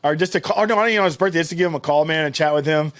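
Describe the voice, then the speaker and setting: A man's voice: on the high side, very fast, a loud crowd. A man in his thirties co-hosting a podcast, telling a story in a rambling, profane way with lots of fillers. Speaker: podcast co-host. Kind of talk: casual storytelling chat.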